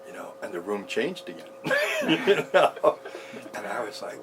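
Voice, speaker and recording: Animated man in his sixties telling a story. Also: lowish voice, measured pace, a loud crowd. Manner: animated, laughs often while telling the story. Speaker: interviewee recounting his past. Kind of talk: personal storytelling.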